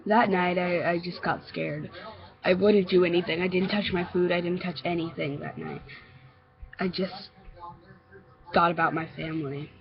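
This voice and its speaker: A woman narrating a homemade horror story, halting and stammering with many restarts. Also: on the low side, steady tone. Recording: dull lo-fi recording.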